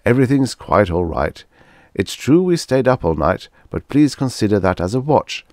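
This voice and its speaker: Guy doing a proper old-fashioned professor, kinda pompous, formal, deep-ish. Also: sing-song, moderate pace, darkish tone, no room sound, studio quality. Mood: reassuring. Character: fussy, genteel old-fashioned male professor.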